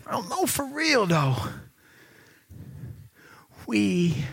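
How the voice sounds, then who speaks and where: A man preaching a sermon in an animated, comedic way, acting out characters with funny voices. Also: fairly high pitch, moderate pace, slightly rough, no room sound.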